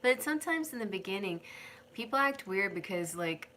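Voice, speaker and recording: A woman's voice: mid-range voice, animated, moderate pace, fairly bright tone, slight background noise. A middle-aged woman giving a chatty, rambling tarot reading on a live stream from home. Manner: chatty, rambling, sings names, talks to her cat. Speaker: tarot reader.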